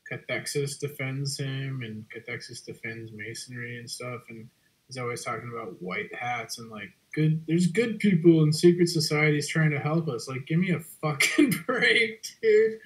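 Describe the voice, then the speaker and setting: A man's voice: mid-range voice, low-quality recording. A man joining a casual online hangout as a guest, laid-back, filling his talk with likes and trailing off. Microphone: video call.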